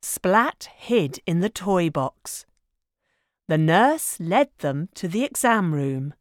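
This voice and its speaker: Woman storyteller for a picture book: very slow, lively melody. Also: on the low side, no room sound, clean studio sound. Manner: slow, clear, expressive. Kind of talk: children's book read-aloud.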